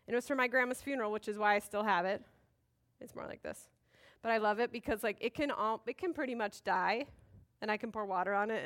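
A woman's voice: on the high side, a bit bright. A woman giving a casual, chatty Bible teaching, drifting into side notes and jokes about herself. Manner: chatty, digressive, self-deprecating.

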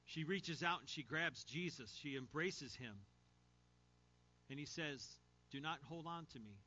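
A man preaching a sermon in a church, his voice a little high and bright with a pressing edge. He talks earnestly and sinks to a quiet hush to drive points home. The audio is dull and lo-fi. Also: expressive, a little slow. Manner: earnest, drops to a soft hush for emphasis. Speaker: pastor.

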